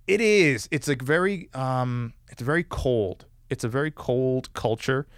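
A man's voice: mid-range voice, measured pace, clean tone, no echo, studio quality. A man telling a personal story in a casual podcast conversation. He talks loosely and fills his sentences with "like" and "you know". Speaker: guest.

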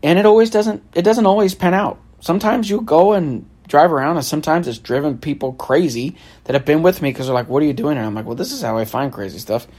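A man's voice: on the high side, quick pace, few pauses. Man, casual storyteller, wry, sarcastic, laughs a lot. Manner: laughs often, animated storytelling with quoted exchanges. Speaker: photographer telling a story.

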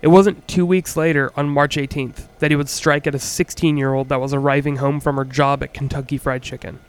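A man hosting a podcast, reading a scripted true-crime story in a measured, earnest way with the odd wry aside. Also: on the high side, level tone, smooth. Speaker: podcast host.

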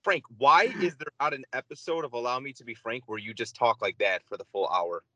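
A man's voice: medium pitch, brisk, bright, forceful tone, no echo, low-quality recording. A man joking and teasing in a casual sports chat.

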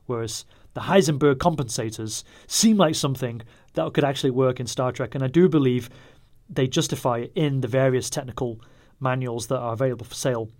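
A man's voice: medium pitch, brisk, darkish tone. Rambling man reviewing an episode. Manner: rambling, wry, self-correcting. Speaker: podcast reviewer. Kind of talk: casual solo review.

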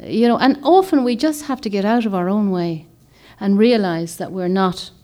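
Speaking at a normal speed with a medium-pitched, dark voice, this author and speaker addresses a group in a thoughtful, wandering way. She frequently hunts for the right word and begins sentences over.

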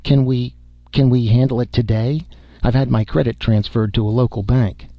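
A man's voice: medium pitch, steady tone, moderate pace, no room sound, lightly acted. A man playing a fearful aging man. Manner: soft, pleading. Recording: dull muffled audio.

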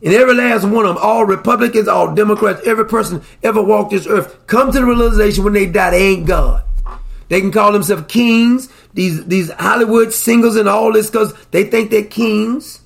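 A male preacher with a high voice that carries heavy gravel and a husky rasp. He swings between quick, down-to-earth asides and slow, drawn-out declarations. His sermon is fervent and scolding.

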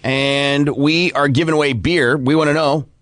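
A man's voice: on the high side, steady tone, normal speed, fairly bright tone, no echo, faint music behind. A man hosting a morning radio show in casual chat, upbeat and taking listener calls. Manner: upbeat, laughs easily, takes calls.

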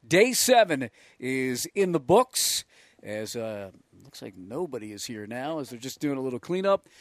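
A man's voice: mid-range voice, very animated, moderate pace, no room sound. A man hosting a sports radio show, casually introducing the next segment from a training camp. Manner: casual, conversational.

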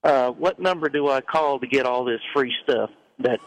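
A man's voice: mid-range voice, normal speed, highs cut off. A man calling a talk radio show from his vehicle, plainspoken and indignant. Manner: plainspoken, indignant, tells a joke. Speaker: caller.

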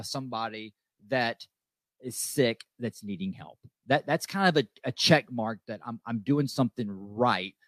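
A man's voice: mid-range voice, no echo. Male host, recovery talk, earnest and emphatic, repeats himself for effect; dry close-miked sound. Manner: emphatic, repeats lines, says "okay?" often.

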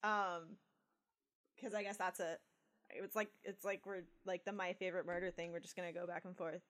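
A woman's voice: lowish voice, little pitch movement, normal speed, fairly bright tone. A young woman co-hosting a podcast in casual chat, playful, laughing often and swearing freely. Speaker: podcast co-host.

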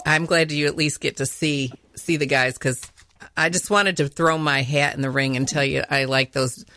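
A woman's voice: low voice, fairly even intonation, normal speed, sharp tone, a little hiss or hum. A middle-aged woman hosting an interview podcast, playful and chatty, laughing often. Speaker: podcast host. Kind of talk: casual interview chat.

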